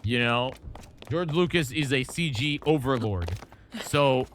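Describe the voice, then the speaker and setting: A man's voice: medium pitch, lively intonation, a little slow, fairly bright tone, slight background noise. A man streaming live, chatting casually and rambling through his thoughts with frequent restarts. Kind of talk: casual chat.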